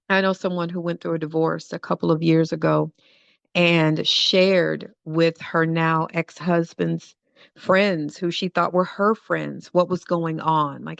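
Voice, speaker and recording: A woman's voice: on the low side, steady tone, unhurried, creaky, no room sound, highs cut off. A woman hosting a podcast, telling a personal story in an earnest way and repeating phrases for emphasis. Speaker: podcast host.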